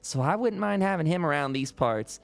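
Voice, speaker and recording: A chatty, upbeat woman settler who loves tinkering, as a man puts her on. The voice sits high and bright above a gravelly edge. It has the dry, close sound of a home mic for an online tabletop game. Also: lively intonation, normal speed, no room sound. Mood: cheerful. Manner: chatty, enthusiastic.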